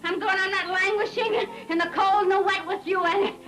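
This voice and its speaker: Boozy heartbroken wife, slurry and teary, high voice, music playing behind. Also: female voice, steady tone, brisk, low-quality recording. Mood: defiant. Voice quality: slurred, tearful, shouting outbursts. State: drunk. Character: bitter drunk lonely wife, middle-aged.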